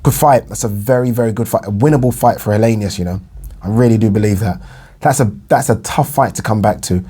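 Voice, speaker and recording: A man's voice: lowish voice, fast talker, warm tone, husky. An English man, a young adult, chatting casually about boxing news in a rambling way with lots of fillers and repeated phrases. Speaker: boxing vlogger. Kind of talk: casual solo boxing commentary.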